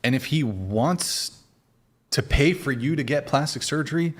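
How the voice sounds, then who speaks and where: Measured male podcast host. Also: medium pitch, animated. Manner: measured, hedging, gives advice. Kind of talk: debate podcast talk.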